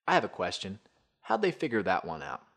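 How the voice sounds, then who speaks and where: A man's voice: sits low, wildly swooping pitch, fairly quick, creaky, fairly bright tone. A man co-hosting a casual podcast from an apartment, joking around and swearing freely. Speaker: podcast co-host. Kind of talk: casual chat.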